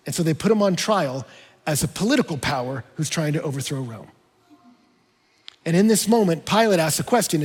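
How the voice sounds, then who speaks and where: A male pastor preaching an expository sermon, moving between hushed low passages and emphatic raised ones. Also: breathy edge. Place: large church auditorium. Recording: church hall reverb.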